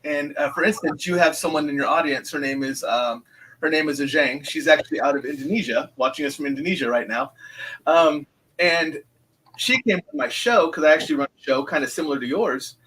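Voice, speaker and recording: Chatty man in his fifties, higher-pitched. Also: fairly quick, bright, forceful tone, a little hiss or hum, poor audio. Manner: rambling, re-enacts dialogue, many fillers and restarts. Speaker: guest, psychic medium. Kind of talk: casual interview storytelling.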